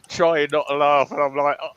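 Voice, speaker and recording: A man's voice: a little high, a bit bright, clear, resonant tone, low-quality recording. A man telling a funny army anecdote in a casual chat, breaking into laughter.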